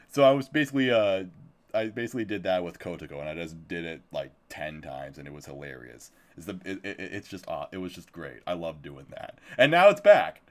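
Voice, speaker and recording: A man's voice: deep voice, animated, fairly quick. A man streaming live, chatting casually about upcoming anime, swearing freely and laughing often.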